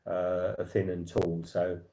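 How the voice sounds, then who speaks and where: A man's voice: low voice, monotone, slow pace, vocal fry, mellow. A man with an English accent hosting a casual livestream chat, rambling with lots of fillers and restarts. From England. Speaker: livestream host.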